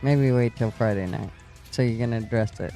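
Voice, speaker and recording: A man's voice: medium pitch, moderate pace, warm tone, faint music behind. A man co-hosting a live stream in casual chat, laid-back and agreeable, rambling a little. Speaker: stream co-host.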